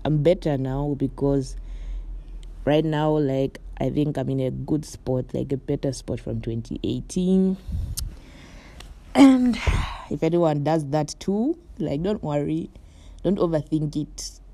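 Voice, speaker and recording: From her bed, a young woman from Morocco hosts a solo podcast in a low, warm voice at a slow pace. She rambles chattily, leaning on "like" and "you know" and laughing lightly.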